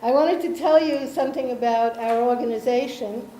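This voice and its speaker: A woman from Israel presenting a workshop, explaining slowly with many pauses and ums and often checking in with her audience. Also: a little high, warm tone, a little hiss or hum. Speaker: workshop presenter, association chair. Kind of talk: slow explanatory workshop talk. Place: lecture room. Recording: echoey room with faint ambience.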